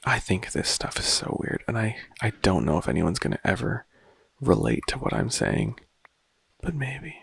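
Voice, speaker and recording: A man musing quietly in a casual, rambling way while playing a game, with a lot of vocal fry when he speaks softly. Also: fairly low pitch, big pitch swings, moderate pace, no echo. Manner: soft-spoken, rambling and reflective. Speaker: gaming vlogger.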